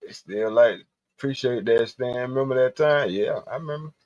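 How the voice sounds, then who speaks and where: A man's voice: mid-range voice, normal speed, darkish tone, no room sound, lo-fi sound. A man hosting a livestream, telling loose, profane stories with frequent laughter. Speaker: livestream host. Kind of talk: casual storytelling.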